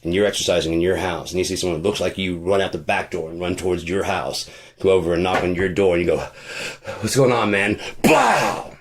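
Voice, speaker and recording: A man with a lowish voice rants off the cuff, swearing freely as he goes. He rambles from point to point, and his tone is sarcastic and mocking. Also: flat delivery, quick pace, a little hiss or hum. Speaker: podcast host. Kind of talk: casual profane rant.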